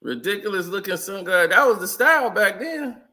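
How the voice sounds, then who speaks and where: Man, high voice, bright and sharp tone, laid-back photo commentary, laughs a lot, slangy storytelling. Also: lively intonation, moderate pace. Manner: chatty, laughs often, loose slangy storytelling. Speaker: vlogger. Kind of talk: casual commentary over old photos.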